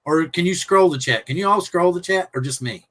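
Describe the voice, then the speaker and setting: A man's voice: high voice, a little fast, a bit bright. A man hosting a casual livestream chat, rambling earnestly and often restarting his sentences. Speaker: host.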